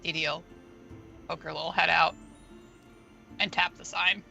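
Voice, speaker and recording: Deadpan man with a gravelly voice. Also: on the high side, a little slow, lo-fi sound, music in the background. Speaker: player. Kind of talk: describing his character's actions.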